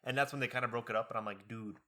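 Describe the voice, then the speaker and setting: Young male podcast co-host with a bright voice; animated storyteller who acts out quotes. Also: mid-range voice, very fast. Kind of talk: casual chat.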